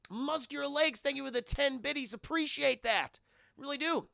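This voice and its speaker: A man's voice: extremely high pitch, normal speed, creaky, sharp tone, dry recording, studio quality. A man streaming a casual, profane scene-by-scene film review, talking to his chat. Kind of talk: casual live-stream movie commentary.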